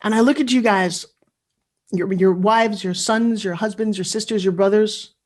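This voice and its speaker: Middle-aged woman, motivational speaker on a video call; earnest and intimate, rallying at the peaks, mid-pitched voice. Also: fairly even intonation, normal speed. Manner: earnest, intimate storytelling that builds to rallying cheers. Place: home living room.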